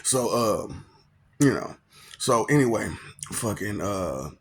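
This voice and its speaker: A man's voice: lowish voice, animated, slow, slight background noise. Laughing, swearing man with a loose rambling ramble. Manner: laughs often, profane, swings from loud to muttered; makes mouth sound effects. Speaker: monologue host. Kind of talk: rambling casual monologue.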